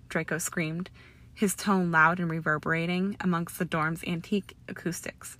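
A woman reads fiction aloud as an audiobook narrator, speaking softly and evenly. Her voice sits a little low for a woman. The delivery is steady storytelling. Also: moderate pace. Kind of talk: audiobook reading of fan fiction.

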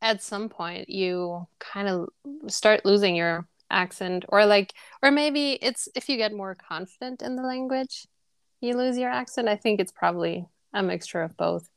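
A young woman from Germany with a faint German accent, talking casually as an interview guest. She tells stories in a loose, chatty way, full of fillers. Her voice is smooth and clear, recorded dry and close. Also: mid-range voice, a little slow, no room sound. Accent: slight German. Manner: chatty storyteller, many fillers and "like". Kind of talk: casual conversation.

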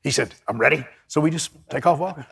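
High-voiced pastor preaching. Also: male voice, fast talker, vocal fry, breathy edge. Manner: lively, storytelling, calls to the congregation. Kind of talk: sermon. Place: church before a congregation.

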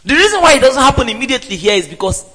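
A man preaches a sermon in a high voice that swings widely. He asks rhetorical questions and breaks into sudden loud exclamations. His voice carries a long reverb from a church hall. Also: very animated, very fast.

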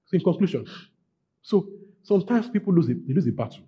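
Emphatic pastor, husky and lively. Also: male voice, on the high side, fast talker, dull audio. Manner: emphatic, repeats phrases, rises to shouting peaks. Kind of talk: sermon.

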